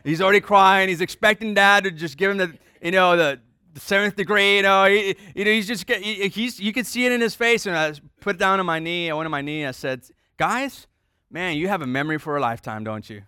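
A man's voice: high voice, a little fast, sharp tone, clear, resonant tone, no echo, clean studio sound. A man preaching a sermon as pastor, telling a family story in a conversational way and acting out the dialogue.

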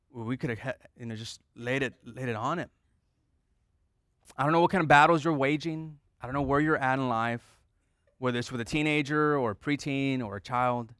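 A man's voice: mid-range voice, fairly bright tone, no room sound, clean studio sound. A man preaching a sermon as pastor, telling a family story in a conversational way and acting out the dialogue.

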